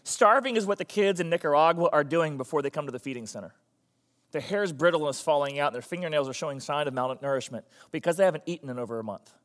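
A man preaching a sermon as a pastor, animated and emphatic, repeating phrases for effect. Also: on the high side, fast, big-room sound.

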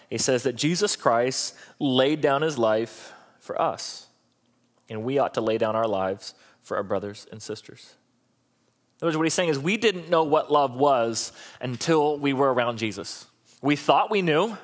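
A man's voice: mid-range voice, moderate pace. A middle-aged man preaching a sermon as a pastor, talking in a conversational, humorous and repetitive way.

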